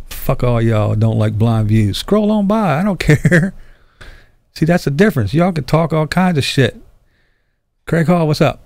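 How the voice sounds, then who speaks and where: A man's voice: a little high, expressive, measured pace, pauses often, darkish tone, no echo. An older man hosting his own channel, chatting casually with viewers and answering their comments in a blunt, profane way, laughing often. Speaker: YouTube channel host.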